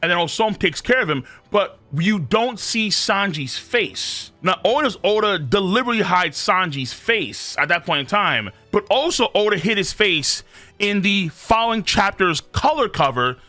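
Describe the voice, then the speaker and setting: Bright, lively man reviewing comics. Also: high-pitched, no room sound, soft background music. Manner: animated, puts on quick voices for characters. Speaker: host reviewing manga chapters. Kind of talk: casual commentary.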